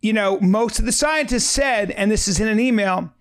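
A man's voice: high voice, normal speed, clear, resonant tone. A man co-hosting a podcast, chatting casually in a brash, profane, rambling way and laughing often. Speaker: podcast co-host. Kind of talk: casual banter.

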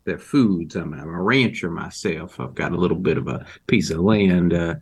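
A man voicing a gruff, hot-tempered small-town male rancher during a tabletop game, talking in a folksy, halting way full of fillers and cursing. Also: low voice. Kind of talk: in-character role-play.

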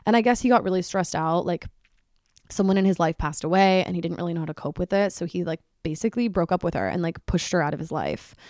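A woman's voice: on the low side, fast talker, no echo, clean studio sound. A young woman hosting a solo podcast, chatty and full of "like", her voice jumping up when she gets worked up. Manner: chatty, fills speech with "like"; excitable, voice jumps up when worked up. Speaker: podcast host.

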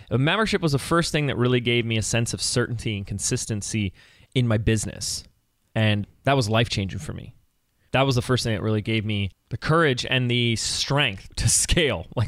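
A man in his thirties hosting a solo podcast, talking in an energetic, conversational coaching manner. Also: mid-range voice, no echo, clean studio sound. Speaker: podcast host.

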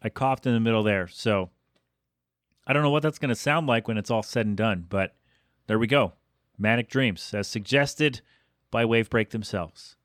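A man in his thirties hosting his own podcast, rambling quickly and cutting himself off mid-sentence. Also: on the low side, fairly bright tone, no echo, studio quality. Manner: fast, self-interrupting, chatty. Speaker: podcast host. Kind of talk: rambling solo podcast monologue.

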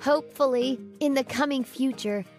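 A woman with a high voice reads a first-person tale with dramatic, emotive expression. Soft music plays faintly behind her narration. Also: moderate pace. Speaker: storyteller.

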